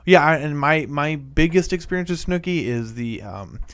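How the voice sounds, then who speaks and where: A man's voice: on the high side, normal speed, a bit bright, smooth. A man from Minnesota co-hosting a podcast, chatting casually in a rambling way and laughing often. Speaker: podcast co-host. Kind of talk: casual chat.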